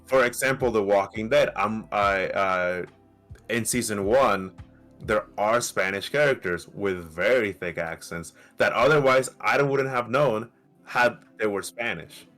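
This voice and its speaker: A low-pitched man debating on a casual podcast. He talks in an animated, emphatic way and swears freely. Faint music runs under his voice. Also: unhurried. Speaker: podcast co-host.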